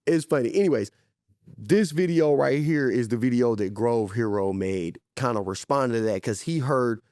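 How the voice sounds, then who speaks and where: A man's voice: medium pitch, normal speed, darkish tone, no echo, studio quality. A man hosting a casual commentary show, narrating in a laid-back, chatty way. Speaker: commentary host.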